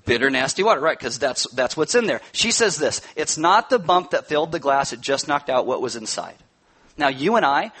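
A pastor preaching a sermon in a conversational way, with joking asides and scripture readings. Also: male voice, on the high side, a bit bright, poor audio.

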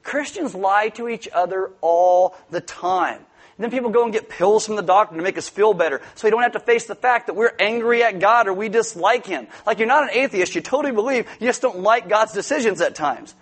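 A male pastor with a notably high voice delivers a sermon. He talks to the congregation in a loose, joking way and now and then breaks into loud outbursts. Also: fairly quick. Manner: joking, conversational preaching with sudden loud outbursts. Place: church before a congregation.

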